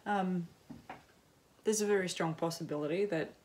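A middle-aged Australian woman chatting casually as a knitting podcaster at home, rambling and self-mocking, with frequent ums and quick laughs. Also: lowish voice, darkish tone, slight background noise. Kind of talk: casual chat to camera. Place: home, in sunshine.

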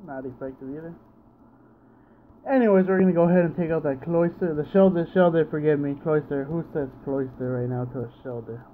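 A let's-play gamer gives casual commentary, sleepy and yawning, groaning in frustration when he misses and repeating himself. His voice is on the high side. His home recording setup gives phone-quality sound with a little hiss or hum.

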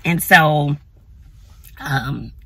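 A woman vlogging casually to her phone from her car, chatty and animated, talking to viewers as y'all. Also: sits low, drawn-out words, slight background noise. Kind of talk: casual vlog talk to camera. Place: in or near her car outdoors in sun.

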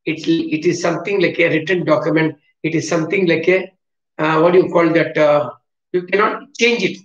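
Fields: Sex: man. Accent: South Indian English. Pitch: high. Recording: roomy, distant, dull. Role: teacher spelling words. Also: a little fast. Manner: spells words letter by letter, repeats himself. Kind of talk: classroom vocabulary lesson. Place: classroom with a board.

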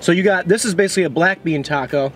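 A man's voice: high-pitched, quick pace, a little hiss or hum. A young man co-hosting an eating show, chatting casually between bites with dry, teasing humor. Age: young adult. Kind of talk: casual chat while eating.

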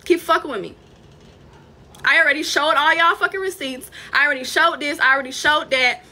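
Her voice pushed, bright, and high, a young Virgin Islands woman from Saint Thomas speaks a little fast in a heated livestream rant. She's furious and swearing, and she makes threats.

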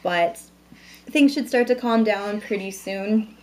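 A woman's voice: medium pitch, takes it slowly, a little hiss or hum. Bubbly, chatty woman vlogger. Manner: bubbly and chatty, soft cooing to a baby. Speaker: beauty vlogger. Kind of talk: casual vlog chat.

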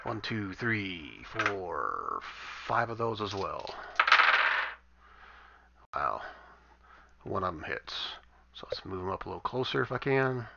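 A man's voice: low voice, big pitch swings, slow, gravelly, pauses often, sharp tone. A man running a tabletop game as game master, counting dice rolls aloud and describing combat casually. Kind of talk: narrating a tabletop game over voice chat. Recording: dull lo-fi voice chat audio.

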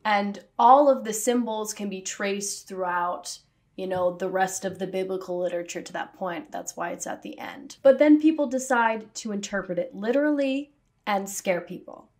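A woman's voice: medium pitch, moderate pace, darkish tone, soft background music. A woman talking to camera in a casual, sassy way, with jokey asides. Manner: sassy, self-aware. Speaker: video essayist.

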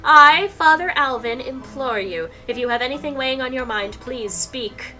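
A woman voicing a gentle male pastor who speaks in a formal, imploring way. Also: high-pitched, lively intonation, normal speed, faint music behind, voice pushed up, low-quality recording. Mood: earnest. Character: gentle male small-town pastor, earnest and polite.

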